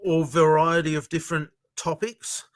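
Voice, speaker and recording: A man's voice: on the high side, level tone, normal speed, dry recording. Rambling Australian man hosting a stream. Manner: rambling, hesitant, with many ums. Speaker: livestream host. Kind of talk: casual livestream chat.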